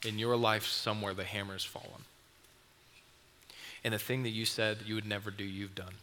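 A man's voice: fairly low pitch, level tone, normal speed, bright, forceful tone. A man preaching a sermon, retelling a story vividly to his audience in a church or event hall. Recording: long hall reverb, faint noise.

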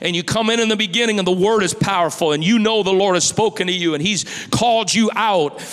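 A male pastor preaching a sermon in a church, impassioned and rising to shouted pleas. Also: high voice, fast, in a large hall.

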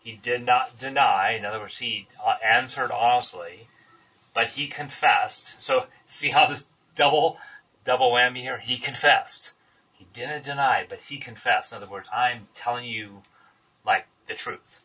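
Bright, husky man leading a Bible study. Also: medium pitch, measured pace, far from the mic, low-quality recording. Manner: asks the group questions, praises answers. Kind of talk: interactive Bible study teaching.

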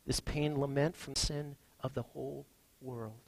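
A man preaching a sermon as pastor, earnest, reading scripture and moving between hushed and emphatic lines. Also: medium pitch, fairly even intonation, a little slow, creaky, slightly rough, dry recording, rough recording.

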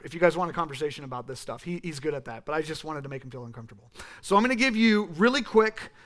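A young man from California preaching a sermon in an animated, rambling way, with asides to the congregation. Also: high voice. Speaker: pastor.

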